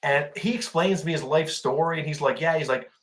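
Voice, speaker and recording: A man's voice: a little high, fairly quick. A Canadian man, a veteran co-hosting a podcast, telling a war story in casual chat, rambling with many restarts and fillers.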